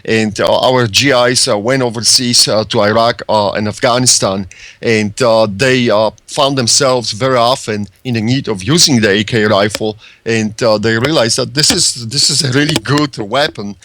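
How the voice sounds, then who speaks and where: A Polish-accented man speaks as a guest on a talk radio show, calling in over the line. His delivery is soft and hesitant, full of "uh" pauses, with an average-pitched voice. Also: dry recording. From Poland. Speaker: guest, firearms channel founder. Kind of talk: casual radio interview.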